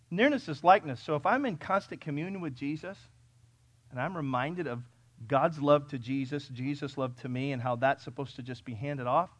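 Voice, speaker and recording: A man from California preaching a sermon, reading scripture and telling stories, swinging between loud, urgent peaks and quiet, conversational asides. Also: a little high, no room sound. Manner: conversational storytelling with fillers and restarts. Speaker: pastor.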